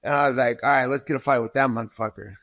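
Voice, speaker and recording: A man in his thirties, a fighter guest, telling stories in a profane and animated way in a casual interview. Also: mid-range voice, racing, no room sound, muffled recording.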